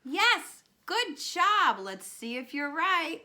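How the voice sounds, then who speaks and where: A woman speech teacher reading a guessing picture book to young children, animated and encouraging, with gasps and drawn-out words. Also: extremely high pitch. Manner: coaxing and encouraging, asking children questions.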